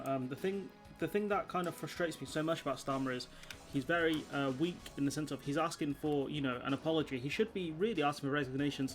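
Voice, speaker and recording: Man, political commentary, rapid, restless, many fillers. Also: on the high side. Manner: fast, frustrated, full of fillers and restarts.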